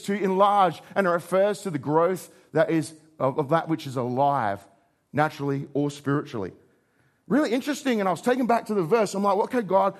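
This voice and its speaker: A man delivers a sermon as pastor. His voice sits a little on the high side, and he swings from raised, emphatic declarations to low, hushed lines. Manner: dynamic preacher, swings between raised emphatic lines and low quiet ones.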